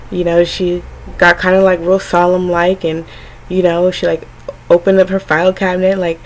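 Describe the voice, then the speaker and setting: Young woman, lower register, casual to-camera storyteller, chatty and frank, heavy on "um" and "you know", acts out voices. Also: rough recording. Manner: acts out her younger self and family in quotes. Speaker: vlogger.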